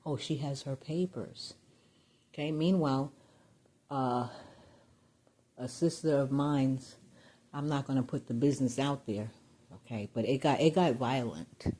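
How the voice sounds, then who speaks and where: A woman venting in a rambling personal vlog, getting agitated and loud when riled. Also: very deep voice, a little slow, long pauses. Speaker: vlogger.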